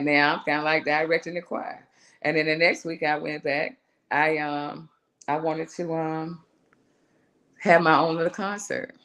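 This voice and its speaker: A woman, a singer and songwriter, telling a personal story on a live show in a lively way, acting out voices and calling her listener "girl". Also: sits low, gravelly. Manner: animated, acts out her own voice and inner voices, calls the listener "girl".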